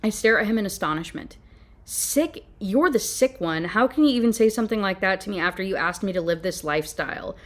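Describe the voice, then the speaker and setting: A young woman reviewing a novel, reading passages aloud and breaking off into exasperated, animated commentary. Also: mid-range voice, quick pace, hardly any pauses. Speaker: book reviewer. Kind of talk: ranting book review with read-aloud passages.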